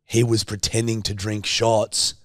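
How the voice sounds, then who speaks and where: A man's voice: on the low side, flat delivery, unhurried, no echo, clean studio sound. A man, co-hosting a podcast and telling a rowdy story, swearing heavily. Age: 30s. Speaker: podcast co-host. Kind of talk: casual chat.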